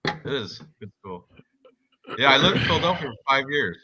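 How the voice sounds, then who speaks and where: A man's voice: mid-range voice, big pitch swings, moderate pace, background noise. A man in his forties chatting casually about fight picks as a podcast co-host, joking and laughing often. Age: 40s. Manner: joking, laughs often, does silly voices.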